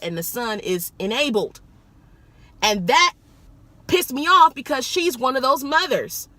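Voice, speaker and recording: A woman rideshare driver telling a story in a casual vlog, animated and profane, jumping up high when she makes a point.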